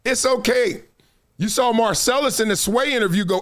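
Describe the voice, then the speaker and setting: A middle-aged man hosting a live sports talk show, animated and emphatic, often laughing. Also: very high-pitched, brisk. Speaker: host.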